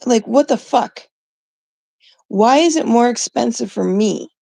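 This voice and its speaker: A woman's voice: fairly high pitch, animated, a little slow, vocal fry, pauses often, dark tone, no echo. A middle-aged woman from Canada ranting casually and profanely to her viewers. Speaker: vlogger. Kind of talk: casual rant to camera.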